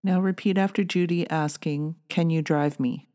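A woman with a notably low voice reads out a language lesson. She guides the learner step by step in a calm, clear teaching manner. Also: moderate pace. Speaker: language course narrator. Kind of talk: scripted instructional narration.

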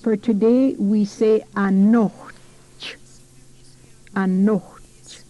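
A woman's voice: mid-range voice, takes it slowly, highs cut off. A woman teaching a recorded language lesson, saying each word carefully and repeating it.

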